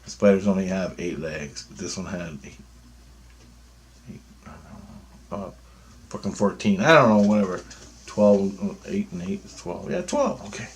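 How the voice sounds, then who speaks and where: A man in his fifties with a somewhat low voice, rambling on in a loose spoken monologue. He talks bluntly and swears freely, jumping from one thought to the next. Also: normal speed, pauses often, slight background noise. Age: 50s. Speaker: vlogger.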